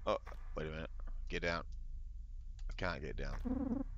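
A man's voice: sits low, wildly swooping pitch, a little slow, a bit bright, muffled recording, slight background noise. A man giving casual let's-play commentary, reading game text aloud and exclaiming as he plays. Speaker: gameplay video host. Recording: game music playing behind the voice.

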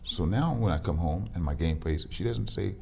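A man, a pastor hosting a faith talk show, who starts haltingly and repeats words, then tells stories with lively energy. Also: low-pitched, gravelly, slightly rough. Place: community TV studio.

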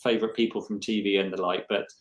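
A man's voice: fairly low pitch, level tone, quick pace. Nerdy, eager man in an echoey room. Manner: enthusiastic and self-mockingly nerdy, hesitant restarts. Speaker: livestream co-host. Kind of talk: casual chat.

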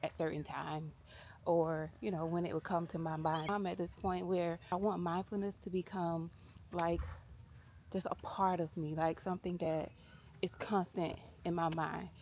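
A woman's voice: fairly low pitch, little pitch movement, normal speed, a little mellow, a little hiss or hum. A woman in her thirties talking casually to her viewers while out on a morning walk, candid and chatty, a little out of breath. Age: 30s. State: slightly out of breath from walking. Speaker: vlogger. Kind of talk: casual chat to camera while walking.

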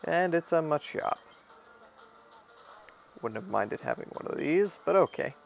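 A man's voice: a little high, lively intonation, measured pace, vocal fry, soft background music. A man casually commenting on his own gameplay as a Let's Play host, offhand and mildly grumbling.

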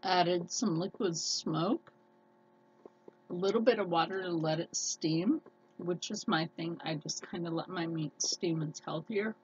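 Woman, scratchy hoarse voice, nasal, rambling casual chat, muffled home recording, faint room hum. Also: fairly low pitch, measured pace, a little mellow. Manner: rambling, chatty, many fillers and restarts. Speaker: cooking vlogger.

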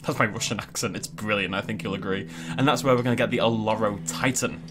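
A man giving chatty, excitable gameplay commentary and thinking aloud as he plays. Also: on the low side, fast, noisy background. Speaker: gaming YouTuber.

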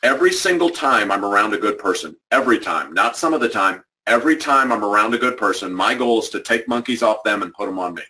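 A man's voice: fairly low pitch, animated, fast talker, hardly any pauses, pushed and bright. A man giving a motivational training talk to educators, emphatic and conversational, repeating his key points. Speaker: workshop presenter. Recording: distant microphone.

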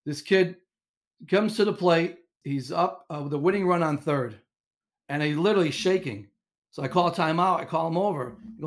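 Chatty storytelling man, animated. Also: a little high, fairly quick. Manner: rambling, animated storyteller with many restarts. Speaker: guest, inventor and former coach. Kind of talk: casual storytelling interview.

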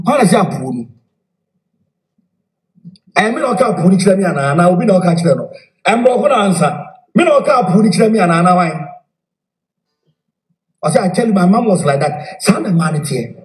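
A man's voice: high-pitched, normal speed, pauses often. A man with a Ghanaian accent giving a heated address, repeating himself and mixing in English. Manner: animated, repeats phrases, mixes in English. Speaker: self-styled spiritual leader. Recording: echoey room.

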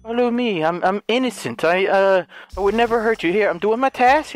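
A gaming YouTuber, a man, chatting excitedly and laughing with friends during a game, with sudden loud outbursts. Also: sits high, a little fast, hardly any pauses. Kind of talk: casual gameplay chat.

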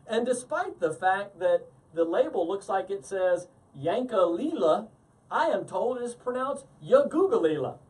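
A man hosting a live talk show, energetic and jokey, laughing often. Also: high voice, unhurried, recorded from a distance. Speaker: host.

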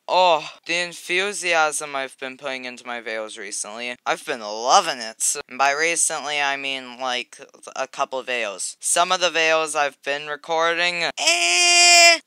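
A young adult YouTuber chatting casually while playing a game, excitable and quick to burst into loud, high exclamations. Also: clear, resonant tone, dry recording. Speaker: gaming YouTuber. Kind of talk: casual gaming commentary.

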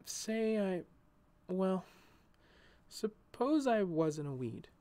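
Man doing a high squeaky nervous weed girl, storybook voice, dry close sound. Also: sing-song, drawn-out words, a little mellow, dry recording, full character voice. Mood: shy. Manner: high, startled and fretful. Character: shy prickly female thorny weed. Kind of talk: storybook narration.

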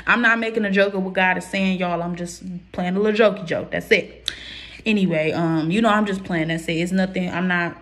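A young woman vlogging casually about her faith, chatty and emotional, with bursts of laughter at her own jokes and slow, careful scripture reading. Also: medium pitch, fairly bright tone. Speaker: YouTuber.

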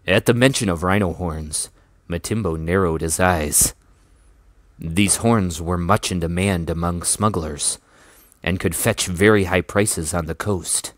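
A man reading a children's novel aloud in a measured, even way. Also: deep voice, no room sound, clean studio sound. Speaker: storybook reader.

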